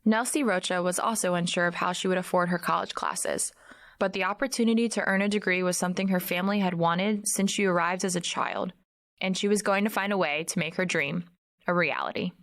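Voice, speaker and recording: A woman's voice: on the low side, steady tone, fairly quick, fairly bright tone, faint music behind. A woman narrating a podcast in a polished, scripted read.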